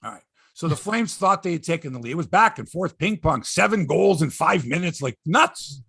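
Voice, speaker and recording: A middle-aged man hosts a sports chat with excitable, animated storytelling. His voice sits high and swings widely, with a raspy, gravelly edge. The sound is dry and close. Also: moderate pace, dry recording. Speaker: sports podcast host.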